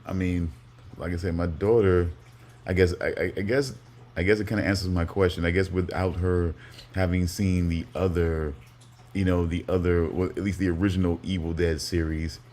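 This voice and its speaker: A man's voice: deep voice, little pitch movement, normal speed, darkish tone. A man co-hosting a podcast who rambles in casual chat, often repeating "you know what I'm saying.". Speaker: podcast co-host.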